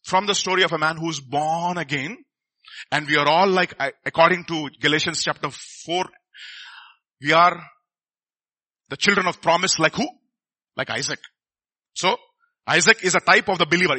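Bright-voiced preacher, conversational. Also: male voice, a little high, moderate pace, long pauses. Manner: conversational, asks the congregation questions. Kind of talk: sermon.

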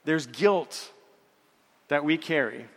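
This sermon comes from a pastor with a slightly high, somewhat bright voice who preaches earnestly, repeats himself, and slows for scriptural quotations. His words hang in a long, church-hall-like reverb.

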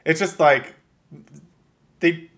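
A man's voice: fairly high pitch, extremely slow, a bit bright. A young man co-hosting a casual game review chat, argumentative and swearing, often trailing off mid-thought. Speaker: podcast co-host.

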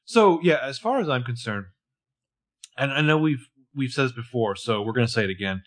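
A man's voice: medium pitch, lively intonation, a little fast. A man co-hosting a casual recap chat, joking and profane, often acting out characters' lines in quotes. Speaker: podcast co-host.

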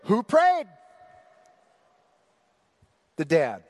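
Animated man preaching in a reverberant hall. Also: sits high, unhurried. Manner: animated, rhetorical questions to the congregation. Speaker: pastor. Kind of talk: sermon.

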